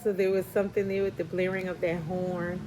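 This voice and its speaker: With music playing behind her, a woman with a fairly low, flat voice reads tarot at a brisk clip. Casual and spiritual in style, she thinks out loud, fills pauses often, and keeps asking "right?" She's of Puerto Rican heritage from the New York and Philadelphia area and a Spanish heritage speaker.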